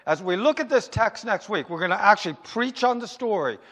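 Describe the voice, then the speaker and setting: A man preaching a sermon as pastor, asking rhetorical questions and answering them himself, slowing down to stress his points. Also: sits high, expressive, fairly bright tone, big-room sound. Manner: emphatic, slows down to stress points.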